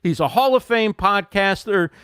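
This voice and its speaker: A man hosting a livestream interview show, talking through a video call setup. His voice sits high and comes across smooth and resonant. He heaps enthusiastic praise on his guest, and the sound is dry and close. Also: normal speed, fairly bright tone, dry recording. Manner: enthusiastic, effusive introductions. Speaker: host.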